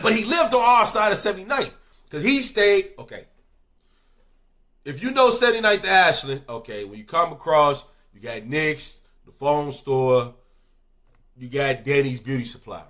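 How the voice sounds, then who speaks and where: A young guy recounts something that happened on the street, speaking in casual slang that swings from loud to mumbled.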